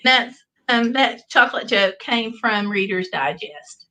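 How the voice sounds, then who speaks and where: Bright, slow-talking woman hosting a livestream. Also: on the high side, expressive, rough recording. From United States. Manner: chatty and playful, tells corny jokes. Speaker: livestream host. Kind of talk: casual livestream chat, reading viewer comments aloud.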